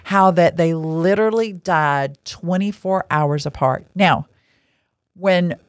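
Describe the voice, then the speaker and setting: A woman's voice: lowish voice, slow pace, no echo, clean studio sound. A middle-aged woman, telling a personal story in a chatty, rambling way and laughing easily. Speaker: ministry leader and podcast host. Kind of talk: casual storytelling talk.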